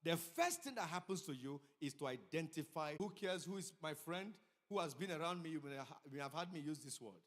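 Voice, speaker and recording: A middle-aged pastor with a high, lifted voice delivers a sermon. He tells stories and fires questions at the congregation, rising to loud emphatic peaks and dropping to quiet asides. His voice rings through a church hall with a long tail of reverb. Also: lively intonation, fairly quick, hardly any pauses. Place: church sanctuary.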